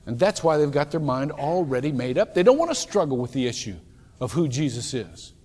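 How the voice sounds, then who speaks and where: A man preaching a sermon as a pastor, animated and emphatic, with many rhetorical questions to the congregation. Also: mid-range voice, a little fast, slightly rough, in a large hall. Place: church sanctuary.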